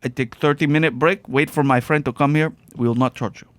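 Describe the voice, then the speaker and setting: A man's voice: a little high, fairly even intonation, fairly quick, fairly bright tone, no room sound, close to an everyday voice. A man putting on a Russian accent to voice a polite, formal male mover with stiff, broken phrasing.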